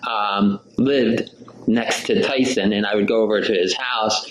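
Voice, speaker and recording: A man's voice: on the low side, steady tone, unhurried, crowd noise. Chatty podcast host man in a roomy room. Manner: chatty storyteller, relays dialogue with lots of "I'm like". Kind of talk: casual interview chat, telling an anecdote.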